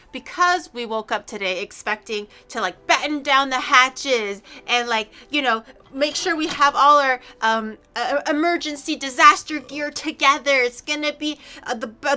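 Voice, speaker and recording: A woman streamer chatting casually on a livestream, rambling excitably and swearing freely. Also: sits high.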